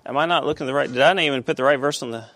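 A man teaching a Bible study class, halting with many fillers and asking the class questions. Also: medium pitch, a bit bright, no echo.

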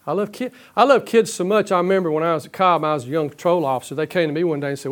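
A middle-aged man preaching a sermon, emphatic, slowing down to stretch the key words. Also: on the high side.

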